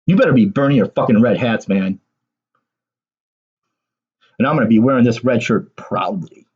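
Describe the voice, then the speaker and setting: A man's voice: medium pitch, normal speed, darkish tone, husky, dull audio. A man giving a ranting solo political commentary, sarcastic and agitated, swearing and laughing bitterly.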